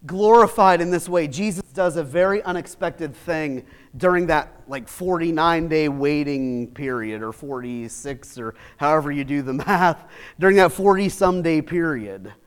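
A middle-aged man preaching in a high voice, telling stories in a lively, chatty way. He swings from easy, casual asides into animated retellings, keeping the sermon conversational. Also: clean tone. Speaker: pastor.

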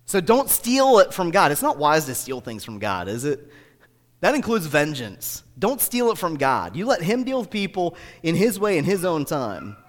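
A man preaching a sermon in a conversational style, swinging between booming emphasis and hushed, intimate asides. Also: wildly swooping pitch, normal speed. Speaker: pastor. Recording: echoey hall.

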